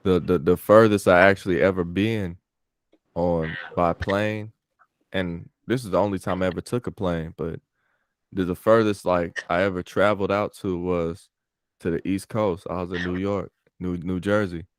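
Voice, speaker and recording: A man's voice: deep voice, steady tone, normal speed, no echo, studio quality. A young man from California telling a rambling, profane story in casual podcast chat, full of fillers and restarts, over a call. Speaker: podcast host. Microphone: call audio.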